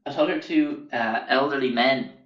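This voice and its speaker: A man's voice: medium pitch, normal speed. Rambling, profane young man telling a story. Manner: rambling, profane, full of fillers. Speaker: podcast host. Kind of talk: casual storytelling. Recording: roomy, slightly dull recording.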